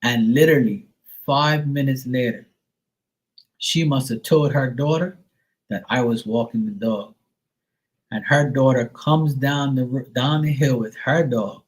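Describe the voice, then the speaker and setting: A man's voice: mid-range voice, measured pace, poor audio. A middle-aged man hosting a live stream, telling a rambling story to viewers, swearing often and full of fillers. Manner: profane, rambling, filler-heavy; mimics others in a raised voice.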